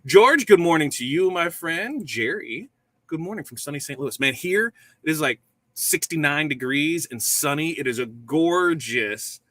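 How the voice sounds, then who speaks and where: A middle-aged man hosting a casual live morning show from a small print shop, energetic and upbeat, greeting viewers by name. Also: fairly high pitch, measured pace, no room sound. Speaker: livestream host.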